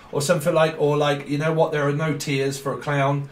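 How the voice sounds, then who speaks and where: A man's voice: on the high side, steady tone, normal speed, few pauses, echoey room. Playful man reading tarot. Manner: playful, rambling, often laughing. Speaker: tarot reader. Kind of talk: casual tarot reading to camera.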